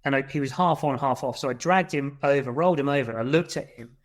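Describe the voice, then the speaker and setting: Speaking fast in a mid-range voice, a British ex-serviceman guests on a podcast to share a war story. He's blunt, curses often, and recreates his shouting.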